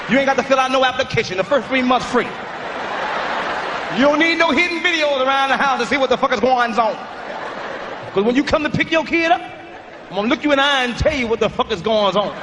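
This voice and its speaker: Loud profane stand-up guy yelling jokes way up high, crowd going nuts behind him. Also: very noisy. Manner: brash, profane, shouting punchlines. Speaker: stand-up comedian. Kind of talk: stand-up comedy performance. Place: live comedy stage. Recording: archive stage recording with loud crowd.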